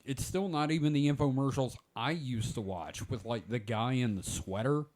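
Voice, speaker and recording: This man in his forties hosts a podcast and chats casually, wandering through rambling stories full of "like" fillers. His medium-pitched voice is a little mellow and moves at a normal speed.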